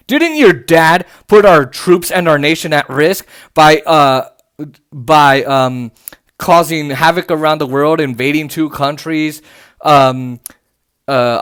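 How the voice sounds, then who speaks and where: Guy ranting on his podcast, kinda high voice, sarcastic, dry close sound, lots of ums. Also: slow pace, fairly bright tone, clean tone, no echo. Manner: sarcastic, indignant, reads tweets aloud with many fillers. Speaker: podcast host. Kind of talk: political commentary podcast. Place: home.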